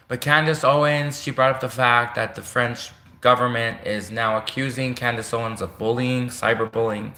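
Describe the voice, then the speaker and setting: A Canadian vlogger sits in a chair at his home desk setup, rambling through a meandering casual monologue full of restarts and asides. His voice is medium-pitched with a sharp tone, and the recording is reverberant.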